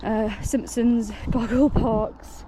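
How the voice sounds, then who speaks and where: An excitable, chatty woman, talking casually to camera while hiking outdoors, laughing often. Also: fairly high pitch, slow pace, noisy background. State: out of breath. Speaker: solo hiker vlogger.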